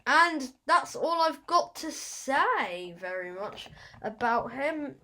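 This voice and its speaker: A woman's voice: sits high, big pitch swings, takes it slowly, sharp tone. A woman hosting a casual podcast, rambling and fumbling over her words with self-deprecating asides. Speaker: podcast host.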